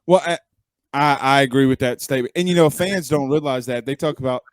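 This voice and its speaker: Chatty sports host, dry close sound. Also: male voice, medium pitch, a little fast, clear, resonant tone, no room sound. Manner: chatty, rambling questions with fillers. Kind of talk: casual interview.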